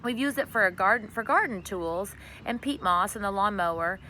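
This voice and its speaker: A woman reading aloud a storybook, voicing an eager, excitable mother who talks in quick, excited exclamations. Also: mid-range voice, slight background noise, poor audio.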